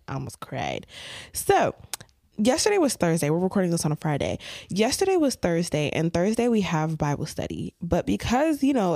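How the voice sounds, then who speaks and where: A young woman co-hosting a podcast, telling a story in a casual, animated way and acting out the scenes. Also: on the low side, gravelly, no room sound, studio quality. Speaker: podcast co-host.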